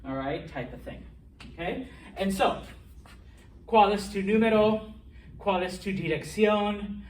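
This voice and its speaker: A man teaching a classroom Spanish lesson, animated and constantly checking in with his students. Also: high voice, a little slow. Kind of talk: classroom lecture. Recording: echoey classroom from far off.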